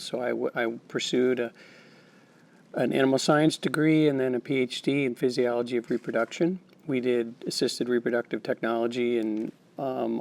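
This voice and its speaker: A man who is a former fertility doctor recounts his career path in a hesitant way, with many pauses. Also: medium pitch, a little mellow. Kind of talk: personal account in a sit-down conversation.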